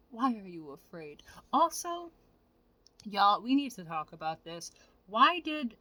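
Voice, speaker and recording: A woman vlogger giving animated, profane, casual commentary straight to her viewers. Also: mid-range voice.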